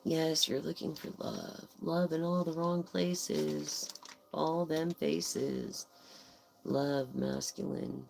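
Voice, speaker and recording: Casual live tarot reader with a gravelly, fry-heavy voice and an unhurried delivery. Rambles freely and swears now and then. Faint noise sits behind the voice. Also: medium pitch, steady tone, poor audio. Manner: rambling, meandering with frequent fillers and casual swearing.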